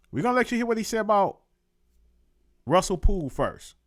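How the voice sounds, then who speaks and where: A man hosts a casual live-stream show, talking in a profane and emphatic way and hammering points home by repeating words. His voice sits a bit high for a man and swings widely in pitch. The sound is dry and close. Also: sing-song, fairly quick, dry recording.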